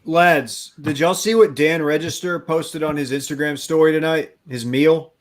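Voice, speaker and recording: A man with a fairly high voice jokes around with his co-hosts on a live show. He ribs the others and tells stories in a loose, casual way. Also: fairly even intonation, normal speed. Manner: joking, ribbing the others. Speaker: co-host. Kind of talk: casual banter between friends.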